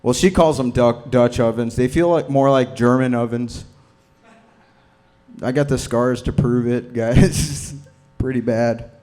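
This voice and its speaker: Dude doing quick crude jokes at open mic, plain mid voice. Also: male voice, mid-range voice, steady tone, warm tone, soft background music. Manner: awkward, crude one-liners. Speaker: stand-up comedian. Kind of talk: stand-up set. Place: comedy club stage.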